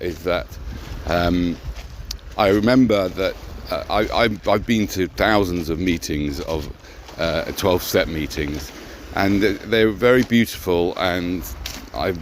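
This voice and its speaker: Deep-voiced male co-host, halting and repetitive, faint background noise. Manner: hesitant, repeats words and restarts often. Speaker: co-host of a personal growth talk. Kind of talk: reflective casual conversation.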